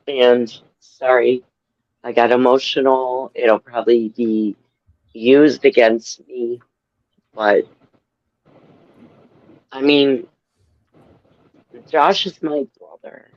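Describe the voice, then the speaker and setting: A man talking about his brother on a live stream, halting and crying. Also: mid-range voice, dry recording. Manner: halting, tearful, very slow. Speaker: guest. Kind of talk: emotional live stream chat. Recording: dull lo-fi audio.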